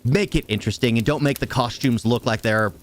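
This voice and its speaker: A man's voice: medium pitch, brisk, over music. A man ranting sarcastically through a movie review, firing off exasperated rhetorical questions.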